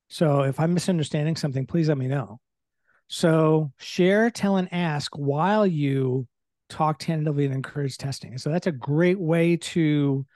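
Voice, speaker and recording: A man's voice: on the high side, mellow, no room sound, studio quality. A middle-aged man, a leadership trainer, explaining in casual conversation with everyday examples and candor about his own temper.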